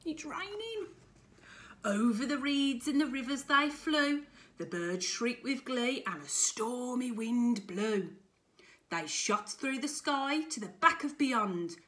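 A woman primary school teacher reading a picture book aloud to children in a remote lesson, with an animated, expressive delivery. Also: on the high side, slow pace. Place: home-recorded remote lesson video.

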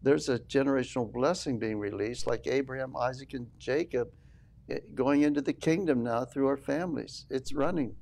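An older man with a gravelly, mid-pitched voice tells an earnest family story as a guest on an interview show. He slips into the voices of the people in the story as he retells what they said. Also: moderate pace, darkish tone. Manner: earnest, retells quoted dialogue. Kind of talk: storytelling testimony.

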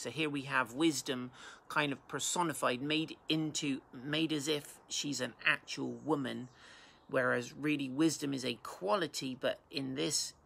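A man's voice: medium pitch, creaky, bright, forceful tone, a little hiss or hum. A man pastor from England giving an informal Bible talk, reading verses aloud and then explaining them in plain words.

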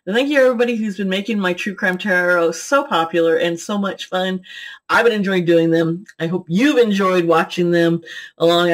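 A woman's voice: on the low side, moderate pace. Chatty woman rambling in a vlog. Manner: chatty, giggly, jumps between topics. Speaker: beauty and tarot vlogger. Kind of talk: rambling casual vlog chat.

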